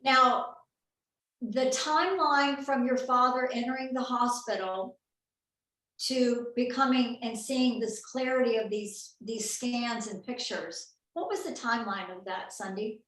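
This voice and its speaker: Enthusiastic higher-voiced woman host, roomy and distant. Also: steady tone, measured pace, a bit bright. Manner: enthusiastic, affirming, effusive praise. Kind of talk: casual video call interview. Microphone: video call. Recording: roomy sound, far from the mic.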